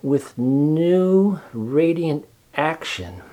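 A man voicing a kind, wise female barn spider who talks gently but firmly, coaxing the others along. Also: on the high side, sing-song, measured pace, pitched above the performer's own voice.

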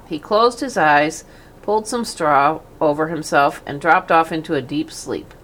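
Woman narrator, children's storybook, gentle, slightly low voice. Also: a little slow. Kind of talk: storybook reading aloud.

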